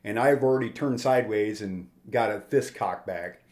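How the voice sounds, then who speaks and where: A man's voice: fairly low pitch, moderate pace, darkish tone. A man in his forties, a guest telling a personal testimony in a plainspoken, rambling way, with restarts and quoted dialogue.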